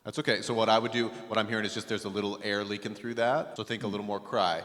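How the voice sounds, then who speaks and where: A man's voice: lowish voice, level tone, fast, a bit bright, big-room sound, faint music behind. A man coaching a singer in a voice lesson, explaining technique and singing short phrases to show it. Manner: demonstrates sung phrases between explanations. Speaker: vocal coach.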